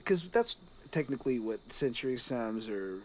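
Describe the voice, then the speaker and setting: A man, telling stories in a casual podcast chat over a video call, lively and laughing often. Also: medium pitch, normal speed. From Toronto, Canada. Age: 30s. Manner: animated storyteller, slips into put-on voices, laughs often. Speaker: podcast co-host.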